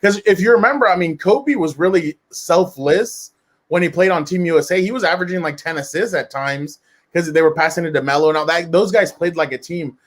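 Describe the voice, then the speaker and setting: A man with a fairly high voice chats eagerly on a sports round table. He rambles and restarts, piling one thought on the next. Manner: excited, rambling, with quick restarts. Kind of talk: casual sports chat.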